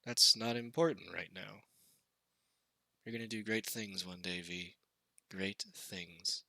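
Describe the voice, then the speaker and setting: A man voicing a stern, preachy mother who speaks quietly and coldly while reading a game. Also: deep voice, steady tone, slow pace, creaky, dry recording, heavily acted.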